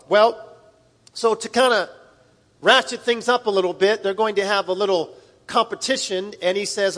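A man preaching a sermon in a relaxed, conversational way, with folksy asides. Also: high voice, moderate pace. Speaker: pastor. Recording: long reverb of a large hall.

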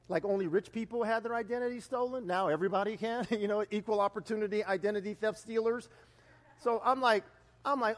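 A man preaching a sermon as a pastor, telling stories in an animated way that swings from loud exclamations to hushed low lines. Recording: long hall reverb.

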